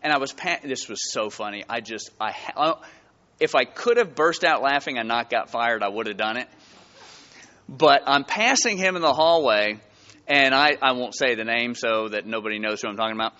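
A man preaching a sermon to his church, telling stories with lively, rising emphasis. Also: mid-range voice, normal speed, big-room sound, muffled recording. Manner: animated storytelling with rising emphasis. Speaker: pastor. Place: church sanctuary.

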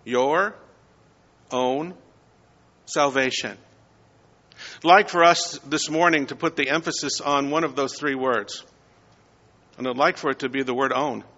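A male pastor delivering a Sunday sermon, preaching in measured phrases and rising to emphatic peaks on key words. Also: medium pitch, sharp tone. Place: church sanctuary. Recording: dull sound with long church reverb.

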